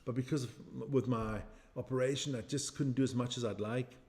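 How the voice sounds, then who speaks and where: A man's voice: medium pitch, fairly even intonation, fairly quick, darkish tone. Chatty middle-aged man hosting a stream. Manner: chatty and rambling, answers viewers' comments, jokes about his age. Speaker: watch-along stream host. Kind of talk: casual live stream chat reacting to a match.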